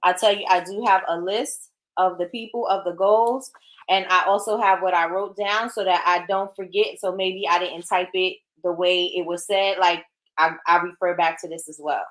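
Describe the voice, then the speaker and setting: A woman's voice: fairly low pitch, fairly even intonation, normal speed, fairly bright tone. A middle-aged woman hosting a casual livestream, chatting with viewers and reading their comments aloud in an encouraging way. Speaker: livestream host.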